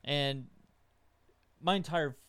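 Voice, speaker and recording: A man's voice: a little high, takes it slowly, fairly bright tone, clean tone. A man on a casual podcast, telling a self-mocking story.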